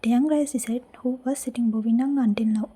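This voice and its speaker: A woman narrates a romance fan-fiction story in a soft, hushed voice that sits close to a whisper. Her tone is very dark and mellow, with a breathy texture. Her pitch sits fairly high. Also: fairly even intonation, fairly quick, poor audio.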